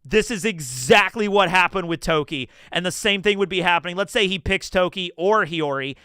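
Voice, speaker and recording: A man's voice: sits high, normal speed, bright, forceful tone, smooth, dry recording, studio quality. A man streaming live, rambling through casual commentary, swearing and laughing as he goes.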